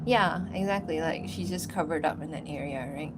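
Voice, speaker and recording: A woman's voice: low-pitched, moderate pace, heavy background noise. A woman animator chatting casually on a livestream, rambling and giggling, with lots of fillers. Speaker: animator streaming while answering chat.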